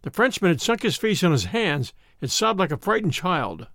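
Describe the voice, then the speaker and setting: A man narrating a classic ghost story in a vivid, expressive storytelling manner. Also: high-pitched, normal speed, no room sound, clean studio sound. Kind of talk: dramatic audiobook narration.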